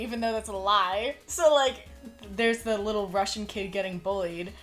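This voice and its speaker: A woman's voice: mid-range voice, normal speed, a bit bright, faint music behind. A young woman co-hosting a podcast in casual chat, mocking and exasperated, acting out scenes in mock voices. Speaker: podcast co-host.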